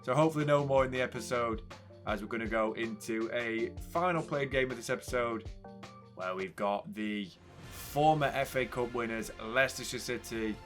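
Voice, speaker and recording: A man's voice: mid-range voice, normal speed, a bit bright, faint music behind. A young man commentating a football video game casually, swinging between hype and frustrated ranting. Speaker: gaming YouTuber.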